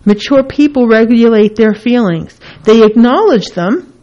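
A woman's voice: on the high side, a little slow, warm tone. A woman therapist in a casual teaching talk, who acts out the feelings she names with her voice. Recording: dull lo-fi recording.

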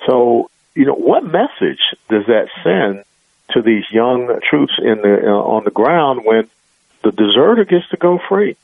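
A man's voice: mid-range voice, very animated, measured pace, vocal fry, a crowd in the background. A man as a radio interview guest, talking in an emphatic, earnest way over a phone line.

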